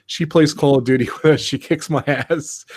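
A man's voice: fairly high pitch, fairly even intonation, normal speed, darkish tone, breathy edge, no echo, studio quality. A man in his thirties hosting a casual live-stream chat, upbeat and keen on calling things awesome. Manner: upbeat, says "awesome" a lot. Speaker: host.

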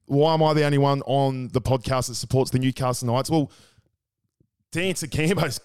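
An Australian man co-hosting a sports podcast, casual chat full of crude, excitable banter. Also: mid-range voice, normal speed, smooth. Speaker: podcast co-host.

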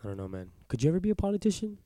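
A man's voice: fairly high pitch, big pitch swings, very fast, warm tone, no echo. Young guy chatting on a podcast, stuffy nose, dry close mic, easygoing. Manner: laid-back, swears, says "man" and "dude" a lot. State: congested. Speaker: podcast co-host. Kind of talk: casual chat.

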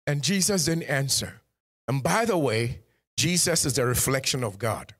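A male pastor preaching a sermon. He acts out short bits of dialogue and builds up to loud, emphatic calls to his congregation. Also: mid-range voice. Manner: lively preaching that acts out dialogue in changing voices; rises to loud emphatic exhortation.

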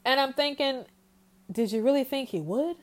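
A woman's voice: high-pitched, lively intonation. A woman hosting a solo podcast, talking heatedly and in exasperation about the news. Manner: heated, exasperated, talks straight without pausing. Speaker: podcast host. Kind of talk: solo commentary rant.

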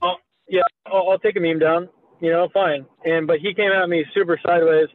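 Over a tinny phone line, a meme creator in his thirties tells a story as a guest, relaxed, casual and swearing. He speaks briskly in a high-sitting, steady voice.

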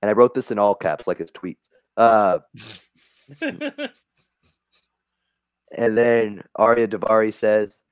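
A man's voice: on the low side, very animated, takes it slowly, long pauses, smooth, dry recording. A man on a podcast reading aloud his written wrestling segment, swearing casually and doing light voices for the quoted lines. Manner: swears freely, reads lines in quotes with small voice shifts. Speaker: podcast co-host reading his fantasy booking.

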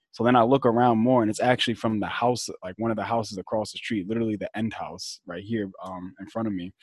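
Slangy animated young man telling a story. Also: lowish voice, no room sound. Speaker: podcast co-host. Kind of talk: casual chat, storytelling.

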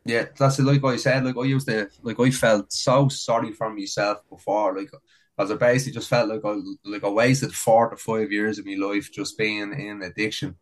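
A man's voice: on the low side, flat delivery, moderate pace, poor audio. A man, a guest on a casual podcast, speaking earnestly and motivationally with many "like"s. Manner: earnest, motivational, full of fillers like "like".

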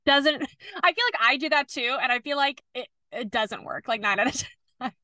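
A young woman co-hosts a podcast, talking in a loose, rambling way as a sympathetic listener. Her voice is high and bright. The sound is dry and close. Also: normal speed, no echo. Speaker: podcast co-host. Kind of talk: casual chat.

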